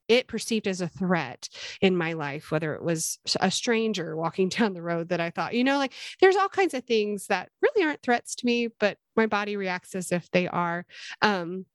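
A middle-aged woman talking in an earnest, gentle and explanatory way as a guest in a casual conversation. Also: medium pitch, no echo. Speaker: guest sharing her faith and experience with anxiety.

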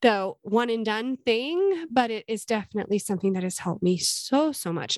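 Earnest middle-aged woman guest, gentle and explanatory, slightly high voice, dry close sound. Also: expressive, normal speed, few pauses, dry recording. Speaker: guest sharing her faith and experience with anxiety. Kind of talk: casual conversation.

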